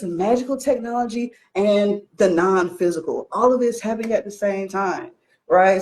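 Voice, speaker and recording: A woman's voice: medium pitch, mellow. A woman talking in a bold, slangy, emphatic way in a casual spiritual chat.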